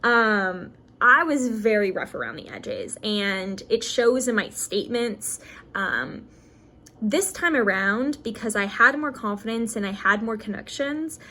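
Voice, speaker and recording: A woman's voice: fairly high pitch, lively intonation, a little slow, pushed and bright. A woman in her twenties, a graduate student, talking candidly to the camera in a casual study vlog, chatty and full of fillers and self-corrections. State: briefly emotional.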